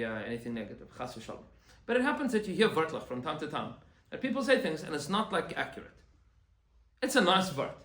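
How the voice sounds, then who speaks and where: A man, a rabbi, giving an animated Torah class and acting out quoted complaints. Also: sits high, roomy sound.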